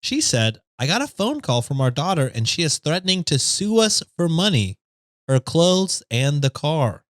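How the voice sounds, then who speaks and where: A man's voice: on the high side, very animated, normal speed, no echo. A man co-hosting a podcast, reading stories aloud in a casual chat and laughing often.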